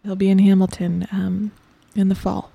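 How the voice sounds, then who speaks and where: A woman playing the weary guardian of a child performer, talking haltingly with many ums and sometimes dropping to a whisper. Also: mid-range voice, flat delivery, creaky, dark tone, husky, no room sound. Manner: halting and hesitant, full of ums, drops to a whisper. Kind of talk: improvised comedy interview character.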